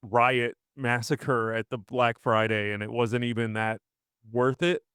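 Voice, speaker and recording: A man with a smooth, resonant voice chats close to a podcast mic in a dry room. He is animated and lively, and quick to slip into squeaky impressions of the people in his anecdotes. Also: no echo. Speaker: podcast co-host. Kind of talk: casual chat.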